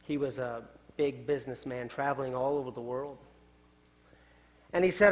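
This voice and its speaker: Pastor preaching with dramatic hushes. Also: male voice, mid-range voice, normal speed, long pauses. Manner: dramatic shifts from loud to hushed. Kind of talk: storytelling sermon. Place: church sanctuary. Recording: long church hall reverb.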